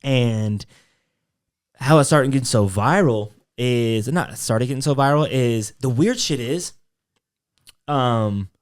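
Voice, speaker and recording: A man's voice: medium pitch, slow pace, smooth. A young man co-hosting a podcast, telling a story in casual chat with loose fillers and quoted voices. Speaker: podcast co-host.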